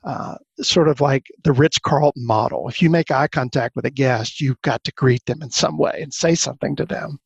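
A man with a gravelly, husky voice tells anecdotes as a guest, slipping into the voices of the people he quotes. The sound is dry and a little dull, with no room around it. His pitch sits in the middle range. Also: normal speed, hardly any pauses, dry recording. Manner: animated anecdotes, acts out quoted lines. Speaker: guest consultant. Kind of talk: storytelling in a podcast interview.

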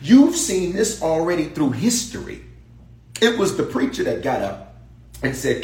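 A male bishop preaching a sermon, his voice swooping high and low as he calls out and repeats lines to his congregation. He moves from hushed asides to shouted peaks. The sound carries the echo of a church room. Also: big pitch swings, measured pace. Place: church sanctuary.

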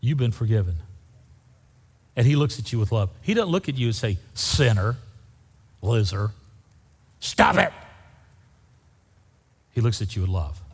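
A man's voice: medium pitch, very animated, quick pace, slightly rough. Fervent older male pastor in a reverberant hall. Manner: fervent, swings from loud to soft. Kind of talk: sermon.

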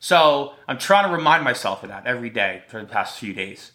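A man's voice: mid-range voice, expressive, brisk, sharp tone. A man hosting a podcast on his own, telling stories in a light-hearted, rambling way, with a slight lisp. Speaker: podcast host. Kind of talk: casual solo podcast talk.

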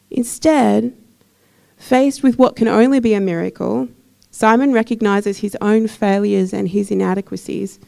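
A woman's voice: on the high side, a little slow, creaky, dark tone. A woman giving a conversational sermon in church, putting questions to the congregation. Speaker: preacher.

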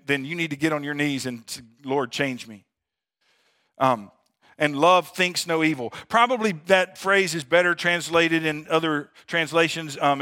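A man's voice: fairly high pitch, bright, forceful tone. A man preaching a sermon as pastor, in a conversational way, often asking "amen?" and calling his listeners friends. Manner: conversational, calls for amens and addresses listeners as friends.

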